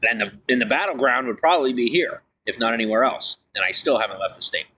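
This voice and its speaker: Excitable man with a bright, lively voice. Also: fast, husky. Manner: excitable, swings from shouting to low grumbling. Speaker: livestreamer. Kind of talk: rambling live-stream chat.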